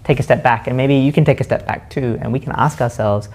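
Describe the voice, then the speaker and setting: A man hosting a reflective spoken monologue, slowly musing and asking himself questions aloud. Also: medium pitch, a little mellow. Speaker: host.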